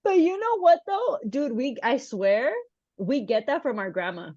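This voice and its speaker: A woman's voice: high-pitched, unhurried, no echo, muffled recording. A woman podcast co-host telling a family story in casual chat, acting out the voices of the people in it. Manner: animated, acts out quoted voices.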